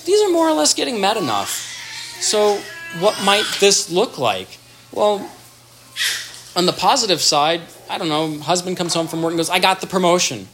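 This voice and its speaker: A man giving an earnest, animated explanatory talk on attachment in relationships, acting out example dialogue as he goes. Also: sits high, moderate pace, soft background music.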